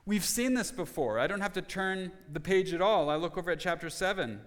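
Middle-aged guy preaching a sermon, earnest, stumbles and repeats words, bit of a higher voice, echoey church hall. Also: expressive, fairly quick. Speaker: pastor. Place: church sanctuary. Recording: long reverb of a church hall.

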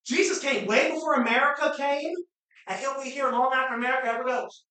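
A woman pastor preaching a sermon, swinging between fervent shouts and quiet, low asides. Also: steady tone, brisk, slight background noise. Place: church sanctuary. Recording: very echoey hall, mic far off.

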